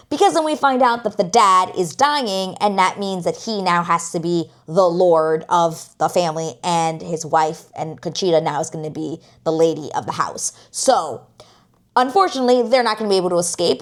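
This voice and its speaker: A woman giving a casual, outspoken review of a TV series on her vlog, talking emphatically with lots of "like" and the odd swear word. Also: mid-range voice.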